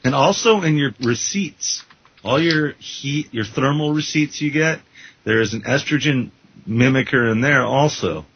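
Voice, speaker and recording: A man's voice: mid-range voice, a little slow, slight background noise. A man co-hosting a casual radio talk show, ranting with opinions and jokes. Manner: opinionated, joking rants. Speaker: radio co-host. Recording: dull lo-fi internet radio audio.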